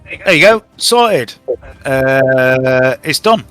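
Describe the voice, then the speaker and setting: A man's voice: medium pitch, lively intonation, extremely slow, fairly bright tone, smooth, no echo, faint music behind, poor audio. A man running a tabletop game as game master, joking and playfully bossy with his players.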